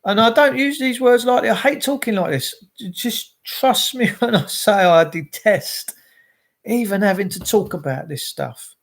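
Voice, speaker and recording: Man, livestream host, animated and ranting, a touch high-pitched. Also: unhurried, gravelly. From England. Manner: animated, greets viewers by name, ranting. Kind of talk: casual livestream chat.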